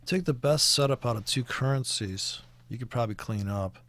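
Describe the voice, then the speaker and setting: A forex trading commentator with a Canadian accent goes over currency charts on a casual screen-share, rambling and restarting with plenty of fillers. He speaks at normal speed in a mid-range, fairly bright voice, with no echo.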